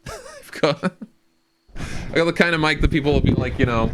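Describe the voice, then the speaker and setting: A man's voice: a little high, moderate pace, long pauses, noisy background. A young man casually commenting on his game live, rambling, joking and often laughing, on a close cheap stage mic. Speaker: game streamer.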